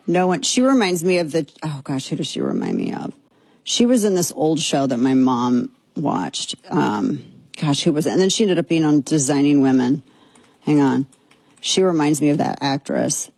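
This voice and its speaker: A woman's voice: low voice, darkish tone, husky, no echo. A woman hosting a talk radio show, giving scornful, mocking commentary.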